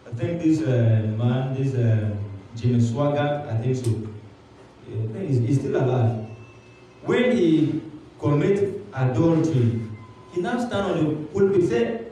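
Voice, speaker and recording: A man's voice: a little high, animated, measured pace, dark tone, heavy reverb, recorded from a distance, low-quality recording. A man preaching a sermon, retelling a story and acting out the people in it with repeated emphatic phrases. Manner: storytelling sermon, voicing characters in quotes, repetitive emphatic phrasing. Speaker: pastor.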